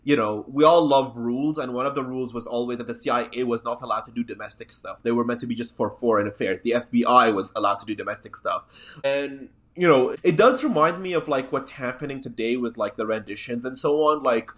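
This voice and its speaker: A man's voice: mid-range voice, a little fast, fairly bright tone. A man hosting a podcast in casual chat, sardonic and rambling. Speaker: podcast host.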